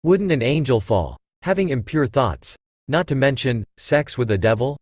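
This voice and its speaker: A man's voice: mid-range voice, animated, normal speed, a little mellow, no room sound, studio quality, lightly acted. A man reading as a cool, detached young fighter. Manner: cool, matter-of-fact.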